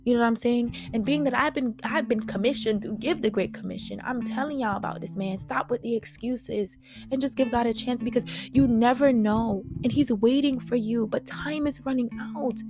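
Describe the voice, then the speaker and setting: A woman's voice: fairly high pitch, normal speed, over music. A young woman teaching Bible study in a casual, passionate, slangy way, reading scripture and talking it through. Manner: passionate, slangy, animated preaching.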